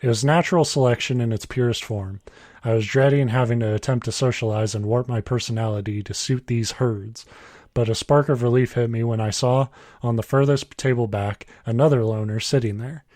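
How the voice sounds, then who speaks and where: A man's voice: mid-range voice, a little fast, a little mellow, no echo. A man in his early thirties reading a story aloud on a casual podcast, breaking off for asides and correcting himself. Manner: reads aloud with asides, chuckles, self-corrections.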